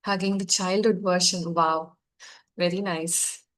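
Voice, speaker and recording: Gentle soft-spoken woman guiding healing. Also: lowish voice, fairly even intonation, measured pace. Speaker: healing session facilitator. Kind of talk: guided healing session, sharing circle.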